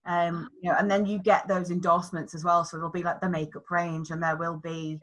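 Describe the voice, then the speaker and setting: A woman's voice: on the low side, little pitch movement, fairly quick, a bit bright, low-quality recording. A woman co-hosting a casual chat podcast, speaking steadily and agreeably as she sums up points. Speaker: podcast co-host.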